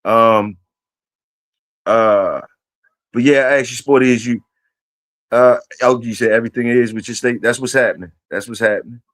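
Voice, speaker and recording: A man's voice: mid-range voice, steady tone, normal speed, long pauses, fairly bright tone, no room sound. Rambling, profane man on a live stream. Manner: loose, rambling, profane, asks viewers questions. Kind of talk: casual live-stream chat with viewers.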